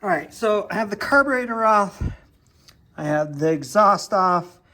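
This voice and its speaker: In a repair shop, a small engine repair technician gives a casual, hands-on walkthrough, relaxed and plain-spoken as he thinks aloud while working. His voice sits at medium pitch and moves at normal speed, with a little hiss or hum in the recording.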